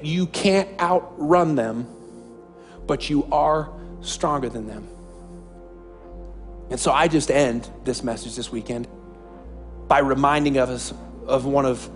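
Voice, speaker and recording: A man preaching a sermon as a pastor, impassioned and repeating phrases for emphasis. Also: mid-range voice.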